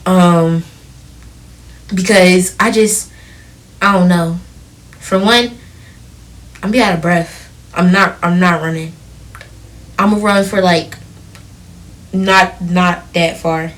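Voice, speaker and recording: A woman's voice: fairly low pitch, recorded from a distance. A seventeen-year-old girl co-hosting a podcast, chatting casually and telling stories with laughter. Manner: laughing, animated storytelling. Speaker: podcast co-host. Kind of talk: casual chat.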